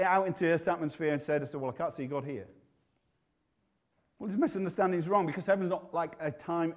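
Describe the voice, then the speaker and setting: A man with a Yorkshire accent preaching a sermon in a conversational, humorous way, often restarting his sentences. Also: high voice.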